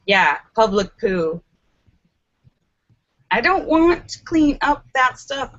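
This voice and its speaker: Bright, chatty woman on a live stream. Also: on the high side. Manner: chatty and animated, giggles often. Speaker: live-stream host reading viewer comments. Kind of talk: casual live-stream chat. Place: room at home by a window. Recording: slightly muffled lo-fi.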